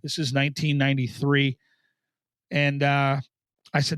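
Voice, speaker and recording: A middle-aged man, a former hockey coach, telling animated and self-deprecating stories about his coaching days in a relaxed, conversational way. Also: mid-range voice, measured pace, pauses often, clean tone, no echo. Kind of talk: conversational storytelling.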